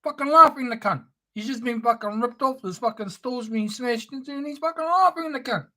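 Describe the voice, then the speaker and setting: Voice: medium pitch, fairly quick, bright, forceful tone. A speaker delivering an angry, profane, sneering spoken-word rant.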